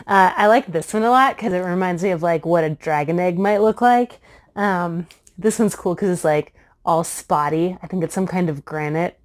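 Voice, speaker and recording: A young adult woman hosting a science lesson for children, bubbly, chatty and playful as she shows her rock collection and explains a hands-on experiment. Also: fairly low pitch. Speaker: science show host.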